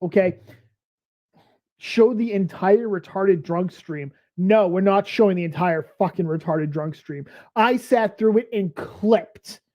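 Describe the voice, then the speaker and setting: A man's voice: high voice, a little slow, dark tone, muffled recording. A man hosting a reaction stream, ranting angrily and swearing, a little tipsy. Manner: angry, profane ranting. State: tipsy from beer. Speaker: stream host.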